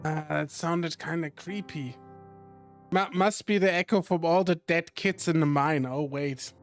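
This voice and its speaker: A man's voice: fairly high pitch, a little slow, faint music behind. A man voicing an anxious young male furry character from a visual novel, with a nervous, complaining way of talking. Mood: uneasy.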